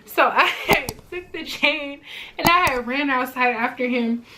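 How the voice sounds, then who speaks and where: A young woman vlogger telling a personal story in a chatty, animated way, often turning to her viewers. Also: sits high, unhurried, a little hiss or hum. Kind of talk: storytime vlog.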